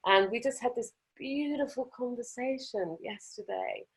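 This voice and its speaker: Husky woman telling a story. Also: a little high, moderate pace. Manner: animated, expressive, self-mocking. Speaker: podcast guest. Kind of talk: conversational storytelling.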